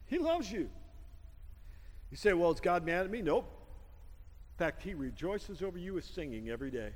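A male pastor preaching a sermon, telling stories with a laugh and building to a loud prayer. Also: sits high, very animated, normal speed, big-room sound. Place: church sanctuary.

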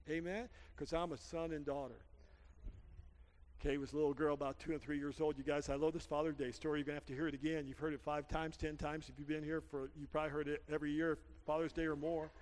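A man preaching a sermon as pastor, telling a story and rising to shouted peaks. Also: a little high. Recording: church hall reverb.

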